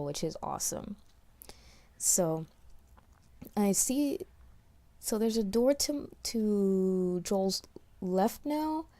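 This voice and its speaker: A woman's voice: mid-range voice, warm tone. A woman from New York with a slight New York accent, giving casual, rambling let's play commentary recorded after playing. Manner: chatty, rambling, many restarts and fillers.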